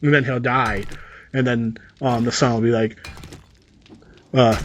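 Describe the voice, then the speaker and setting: A man's voice: mid-range voice, little pitch movement, a little slow, a little hiss or hum. A man reading a story aloud and adding sarcastic, rambling comic asides over gameplay. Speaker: story reader and commentator.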